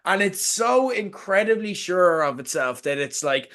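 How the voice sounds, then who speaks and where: A man's voice: sits high, very animated, unhurried, hardly any pauses, fairly bright tone. A man co-hosting a podcast in casual chat, ranting with sarcasm and swearing, mocking what he dislikes. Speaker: podcast co-host.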